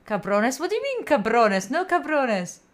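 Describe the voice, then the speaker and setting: Hosting a study livestream, a young Italian woman plays around with viewers in giggly, casual chat and reads their comments between sessions of work. She has an Italian accent and a high, very animated voice at normal speed.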